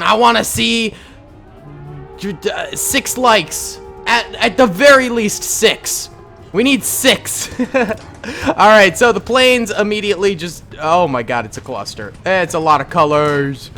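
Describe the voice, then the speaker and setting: A young man casually commentating a war simulation game, jokey and excitable with rambling asides. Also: mid-range voice. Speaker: gaming YouTuber. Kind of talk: let's play commentary.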